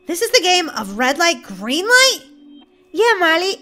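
High, bright, excitable woman gamer. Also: unhurried, soft background music. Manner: excitable, giggly, shrieks when startled. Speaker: gaming channel host. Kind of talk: playful gameplay commentary.

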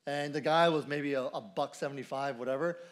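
A man's voice: medium pitch, fairly even intonation, brisk. A man preaching a sermon at a church service in a conversational way, repeating key phrases and asking the congregation questions. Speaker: pastor.

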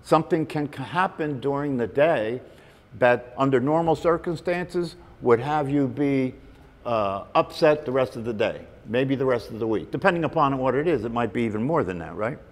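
A man's voice: mid-range voice, lively intonation, moderate pace. A man giving a conversational meditation talk to a group, often checking in with "right?" and "you know". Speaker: meditation teacher. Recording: long reverb in a hall.

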